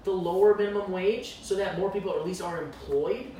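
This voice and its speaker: A man hosting a casual podcast, talking in an animated, swearing manner. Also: high voice, fairly quick, far from the mic, a little hiss or hum. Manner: animated, swearing, laughing often. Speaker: podcast host. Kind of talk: casual chat. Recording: echoey room, off-mic.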